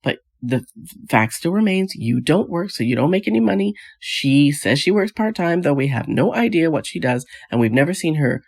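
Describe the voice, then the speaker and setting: A woman's voice: low voice, animated, moderate pace, darkish tone, breathy edge. A woman hosting a casual vlog. She rants with exasperated, scoffing rhetorical questions and rambles with frequent restarts. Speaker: vlog host. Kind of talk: casual reality TV recap commentary.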